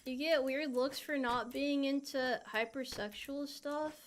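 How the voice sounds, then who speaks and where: A woman's voice: sits high, steady tone, measured pace, slight background noise. A young woman streaming a game, chatting casually and playfully answering her viewers. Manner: playful, reads and answers chat. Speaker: VTuber streamer. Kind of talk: casual gameplay chat with viewers.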